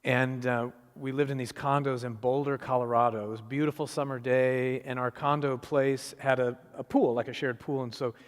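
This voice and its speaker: A middle-aged man giving an animated storytelling sermon as a guest speaker, acting out the voices of the people in his story. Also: mid-range voice, normal speed, hardly any pauses. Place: church sanctuary. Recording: long hall reverb.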